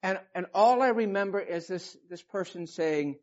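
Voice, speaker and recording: A man in his fifties preaching a sermon, telling a personal story with emotion and reading scripture with rising passion. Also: moderate pace. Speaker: pastor. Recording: muffled low-fidelity recording.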